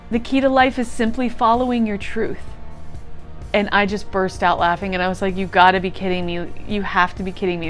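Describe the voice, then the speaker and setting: A woman's voice: medium pitch, a bit bright. Earnest woman telling a personal story. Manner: emotional, earnest, laughs through tears. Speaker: guest sharing a retreat testimonial.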